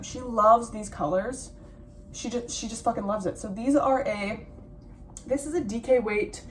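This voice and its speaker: A woman's voice: mid-range voice, a little hiss or hum. A young woman chatting casually and rambling, swearing freely as she shows yarn and dyes it at home. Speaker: vlogger, yarn dyer.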